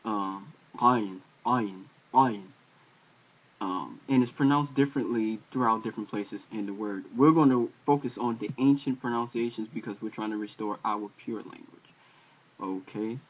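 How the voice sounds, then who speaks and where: Hesitant man teaching letter sounds. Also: on the low side. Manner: slow, hesitant, with fillers and repeated letter sounds. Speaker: language teacher. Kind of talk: casual recorded lesson. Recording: dull lo-fi home video audio.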